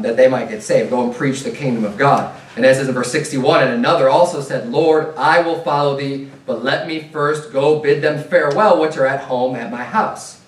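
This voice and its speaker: A man preaching a sermon as a pastor, earnest and plain-spoken, reading scripture aloud between his own points. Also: medium pitch. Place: church sanctuary. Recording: echoey room, mic at a distance.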